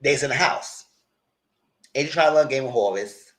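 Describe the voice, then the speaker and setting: A TV show reviewer speaks at a moderate pace in a mid-range voice, giving an informal live rundown of a TV episode. He's chatty, talks straight to his viewers, and animatedly acts out the characters' lines in quotes as he goes.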